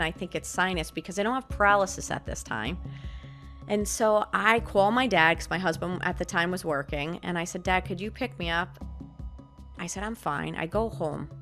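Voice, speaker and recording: A woman, a podcast guest, telling a personal story in an animated way and acting out the lines she quotes. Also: lowish voice. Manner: animated, acts out quoted dialogue.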